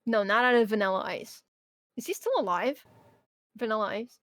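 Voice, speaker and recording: A woman's voice: on the high side, normal speed, no room sound, studio quality. A young woman streamer chatting casually and ranting about her job, swearing often and breaking into mock outbursts. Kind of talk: casual chat.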